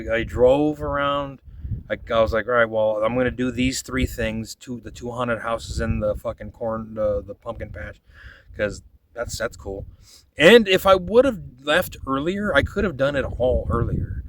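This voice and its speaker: A man's voice: medium pitch, far from the mic, noisy background. A man telling rambling, profane stories about making his videos, often quoting himself in a casual monologue. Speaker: vlogger.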